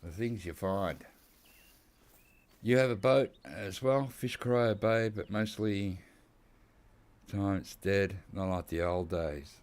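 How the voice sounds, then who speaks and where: A man's voice: fairly low pitch, slow, pauses often, darkish tone, smooth. A man with an Australian accent telling rambling, laughing stories while he plays a hunting game. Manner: rambling anecdotes with laughs and quoted dialogue. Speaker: gaming YouTuber. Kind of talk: casual storytelling while playing a hunting game.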